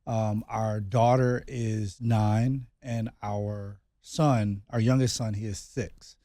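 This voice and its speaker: A man's voice: lowish voice, steady tone, slow pace, warm tone, no room sound. A man in his thirties co-hosting a casual podcast, talking in a loose, rambling way with many fillers and restarts. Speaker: podcast co-host. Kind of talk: casual chat.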